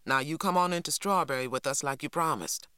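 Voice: medium pitch, a little fast, bright, forceful tone, clean tone, no echo, clean studio sound, natural voice. A reader voicing an impatient young man who talks curt and demanding.

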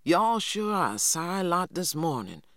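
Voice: medium pitch, very animated, moderate pace, a bit bright, dry recording, voice pushed up. A reader voicing a boastful, lazy teenage boy who talks in a drawling rural dialect, in a dry audiobook recording. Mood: smug. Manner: drawling, self-satisfied, Southern rural dialect. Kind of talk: audiobook character voice.

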